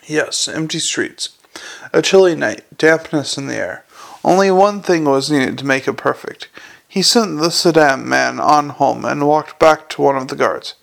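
A male audiobook narrator reading a story in an even, measured way. His voice is gravelly and a touch high.

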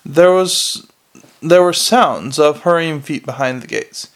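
A man's voice: a little high, expressive, takes it slowly. A man narrating a novel aloud in a plain, unpolished reading with frequent restarts. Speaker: audiobook reader.

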